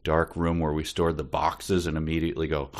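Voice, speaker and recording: Deep voiced guy cracking dry jokes on a podcast. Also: little pitch movement, normal speed. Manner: dry, wry, joking asides. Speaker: podcast co-host. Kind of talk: casual comedic book discussion.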